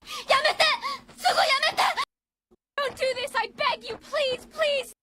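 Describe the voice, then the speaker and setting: A frantic young princess, very high. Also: female voice, animated, slow pace, no echo, studio quality, exaggerated voice. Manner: frantic, tearful begging. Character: young princess pleading desperately to stop a slaughter. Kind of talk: anime film dialogue, sub and dub. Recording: film audio with loud noise.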